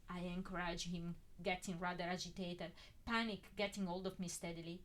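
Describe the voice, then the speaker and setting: A woman's voice: fairly low pitch, normal speed, few pauses. A woman expressively reading a first-person fan fiction story aloud. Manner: expressive, swinging emphasis.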